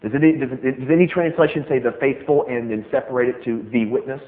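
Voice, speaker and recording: A middle-aged man preaching a sermon, emphatic and animated, repeating key phrases for stress. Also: mid-range voice, fast. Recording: tinny phone-like sound.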